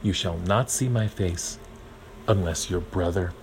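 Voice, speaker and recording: A man's voice: sits low, unhurried, a little mellow, a little hiss or hum, low-quality recording. A man voicing a grown son arguing firmly and reasonably with his father in a storybook reading. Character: firm, persuasive grown son.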